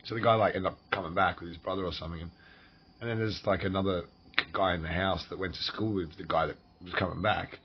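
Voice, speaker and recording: A man's voice: deep voice, fairly even intonation, quick pace, slight background noise. An Australian man telling a personal story in a casual, rambling, profane way, full of fillers and restarts. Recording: dull lo-fi recording.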